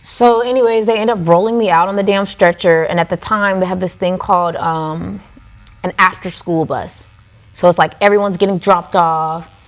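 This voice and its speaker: A woman's voice: lowish voice, steady tone, normal speed. A woman guest on a podcast, telling a story in a casual, chatty way and leaning on "like" as filler. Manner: chatty, filler-heavy with frequent "like". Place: tattoo studio podcast set.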